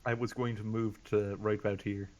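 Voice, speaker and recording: A man's voice: fairly low pitch, little pitch movement, moderate pace, darkish tone. A man playing a tabletop game, explaining his moves in a dry, matter-of-fact way. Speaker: player. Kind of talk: casual tabletop play.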